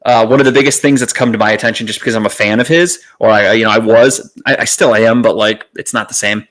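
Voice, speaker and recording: A man hosting his own podcast in a casual, rambling way, swearing freely and filling pauses with "uh". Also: fairly low pitch, steady tone, fairly bright tone. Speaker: podcast host. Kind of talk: casual solo podcast chat. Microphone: streaming setup mic.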